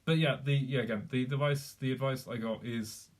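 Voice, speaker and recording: A man's voice: medium pitch, fairly even intonation, normal speed. A man streaming, chatting casually in a rambling, self-deprecating way. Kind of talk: casual chat.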